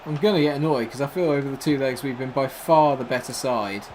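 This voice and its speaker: A young man, commenting excitedly on his football video game and shouting at the screen. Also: mid-range voice, fairly quick, a little hiss or hum. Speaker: gaming YouTuber.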